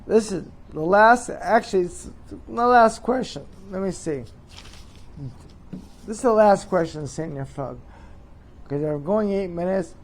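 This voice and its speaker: A man's voice: sits high, darkish tone. A middle-aged man hosts a joking mock interview, rambling and teasing with chuckling asides. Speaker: host.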